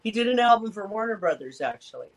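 Male co-host with a high voice, chatty and rambling. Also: animated, fast. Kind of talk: casual chat.

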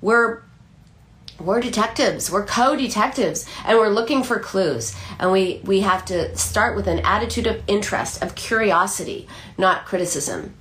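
Brief: middle-aged female psychoanalyst, animated storyteller, restarts sentences, lively pitch. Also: moderate pace, slight background noise. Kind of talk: explanatory talk.

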